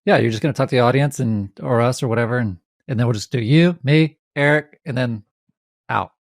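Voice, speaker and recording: A man's voice: mid-range voice, fairly quick, gravelly, no echo, clean studio sound. A man hosting a podcast, chatting casually and joking with his guests. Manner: joking, playful. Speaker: podcast host.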